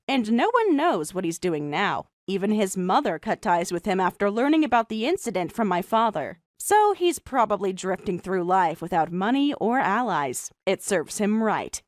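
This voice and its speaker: Woman voicing young woman, calm, cutting, mocking, animated story, lively pitch, dry close sound. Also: no room sound, natural voice. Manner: cool, mocking, measured. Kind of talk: animated story voice acting and first-person narration.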